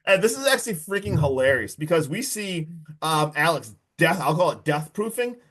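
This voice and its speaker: A man co-hosting a podcast, recapping a movie in an excitable, slangy way full of "dude" and "like". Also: a little high, moderate pace. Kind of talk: casual podcast chat.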